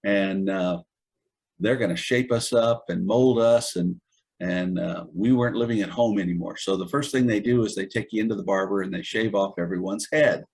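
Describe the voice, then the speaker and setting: A man's voice: sits low, normal speed, creaky, a little mellow, slightly rough. A man in his seventies, an Army veteran being interviewed, recounting old stories in a wry, chuckling way. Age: 70s. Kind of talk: casual storytelling interview.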